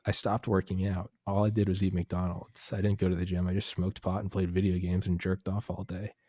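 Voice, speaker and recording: A man's voice: low-pitched, flat delivery, a little fast, dark tone, no echo. A young man telling a long story in casual chat, rambling and candid, full of fillers and profanity.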